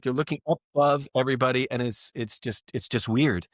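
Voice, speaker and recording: A stand-up comic, guesting on a podcast, tells a long anecdote in a mid-range voice at a quick pace. Animated and casual, he acts out the voices of everyone in the story, and the studio-quality recording is dry.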